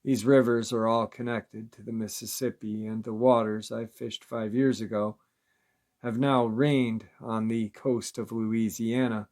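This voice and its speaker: A man narrating listeners' creature encounter stories in a steady, measured reading voice. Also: on the low side. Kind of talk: scripted narration.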